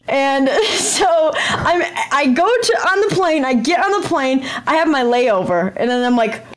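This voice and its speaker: A woman telling a story with animated, dramatic flair in casual podcast chat. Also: high-pitched, a little slow. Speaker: podcast guest.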